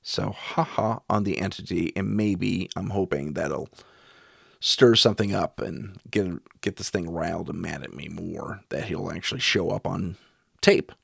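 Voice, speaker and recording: A man's voice: low voice, unhurried, vocal fry, breathy edge, no room sound, studio quality. A middle-aged man, a paranormal investigator, recounting a ghost investigation in a wry, chuckling way.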